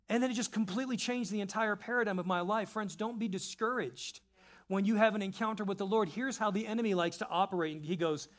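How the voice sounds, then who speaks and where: A man preaching a sermon in an animated, conversational way, reading scripture and adding casual asides. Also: high voice, a little fast. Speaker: pastor.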